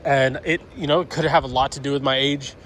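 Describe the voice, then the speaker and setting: A man's voice: medium pitch, fairly even intonation, brisk, a bit bright, slight background noise. A man in his thirties talking casually for a vlog, rambling with lots of fillers and swearing. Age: 30s. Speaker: car vlogger.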